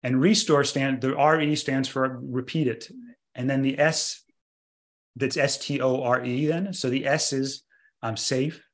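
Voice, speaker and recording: Middle-aged man, calm explainer, podcast chat, mid-pitched voice. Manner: calm explanatory, slows for guided breathing. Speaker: doctor and co-author. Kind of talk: casual podcast conversation.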